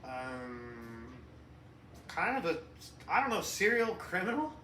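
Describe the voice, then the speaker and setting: A middle-aged man co-hosting a casual podcast as the father, rambling and profane, breaking into loud mocking rants. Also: a little high, very animated, takes it slowly, noisy background. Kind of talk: casual chat. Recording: echoey room, distant mic.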